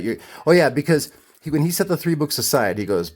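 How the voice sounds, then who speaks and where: A man's voice: medium pitch, expressive, quick pace. A man telling a long, indignant story in a casual vlog, acting out both sides of an argument with lots of fillers and restarts. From United States. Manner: indignant, retells arguments with quoted voices, many fillers and restarts. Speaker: comic collector vlogger.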